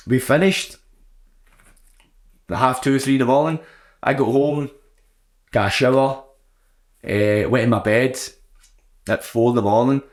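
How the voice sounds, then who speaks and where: Sweary man telling a story. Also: mid-range voice. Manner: blunt, sweary, animated storytelling. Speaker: podcast host. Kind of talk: casual solo chat.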